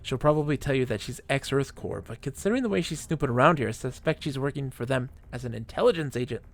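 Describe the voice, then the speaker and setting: A man's voice: mid-range voice, expressive, fast, natural voice. A man reading the lines of a scheming male corporate informant in a space game, in a conspiratorial tone.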